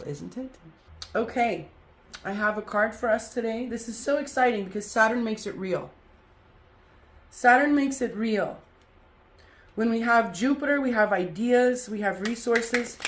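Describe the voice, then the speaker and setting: A woman hosting a spiritual group talk and card reading, speaking in an effusive way with chant-like repetition. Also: medium pitch.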